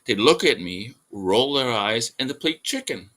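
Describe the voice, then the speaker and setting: A man's voice: mid-range voice, lively intonation, measured pace, a bit bright. A man hosting a livestream as an artist, telling stories in a rambling casual monologue with fillers and chuckles.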